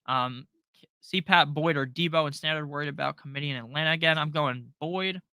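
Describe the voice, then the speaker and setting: A young man hosting a live fantasy football stream, firing off quick, profane answers to viewer questions from his home setup. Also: a little high, bright, forceful tone, clear, resonant tone, no room sound. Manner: fast, profane, joking, reads viewer questions aloud. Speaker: fantasy football livestream host. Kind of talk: rapid-fire live Q&A.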